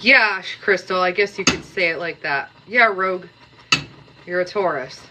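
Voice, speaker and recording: A woman's voice: fairly low pitch, moderate pace, noisy background. A woman live-streaming from her kitchen, chatting casually with viewers and playfully scolding them as she cooks. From Canada. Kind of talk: casual live-stream chat while cooking.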